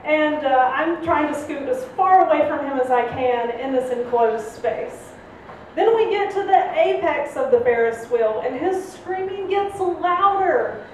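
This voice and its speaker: A young adult woman telling a funny personal story on stage at a live storytelling night, animated and laughing often, jumping her voice up high to act out the people in it. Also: measured pace. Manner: animated, acts out voices with big pitch jumps, laughs often. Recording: roomy live venue, heard from a distance, faint room noise.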